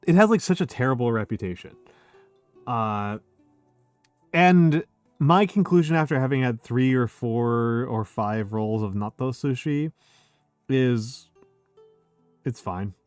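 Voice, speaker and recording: A middle-aged man hosts a loose, boozy chat on his home stream. He rambles, swears freely and trips over his own sentences. His voice sits at a middle pitch on a dry, close recording with faint music underneath. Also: takes it slowly, long pauses, clean tone, no echo. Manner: rambling, profane, self-interrupting. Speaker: streamer host. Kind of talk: casual drinking stream chat.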